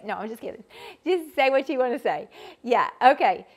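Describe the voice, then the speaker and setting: A woman's voice: a little high, lively intonation, moderate pace. A middle-aged woman with a Georgia accent, teaching a group as a vocal coach in a chatty, folksy way. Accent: Southern US, Georgia. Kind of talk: live teaching session.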